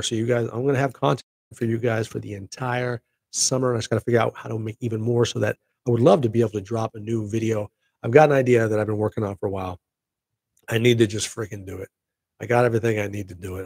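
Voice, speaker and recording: Gravelly, rambling male show host. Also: on the low side, fast, no room sound. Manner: excitable, rambling, laughing asides. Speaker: podcast host. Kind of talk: casual solo show chat.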